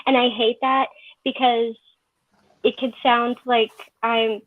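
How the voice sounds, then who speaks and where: A woman chatting casually on a panel, telling stories in a lively, talkative way. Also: fairly high pitch, slow pace, no room sound. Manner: chatty, storytelling. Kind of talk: casual chat. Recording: tinny phone-like online call audio.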